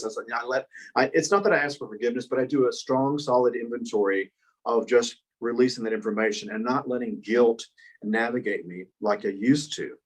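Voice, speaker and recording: A man's voice: mid-range voice, brisk, husky, poor audio. A man guest speaker and author telling personal stories in an earnest, rambling way, with frequent restarts. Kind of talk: conversational storytelling.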